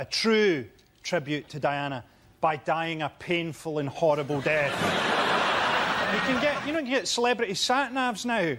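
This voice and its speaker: A man delivering deadpan stand-up one-liners. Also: high voice. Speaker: comedian. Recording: studio with audience noise.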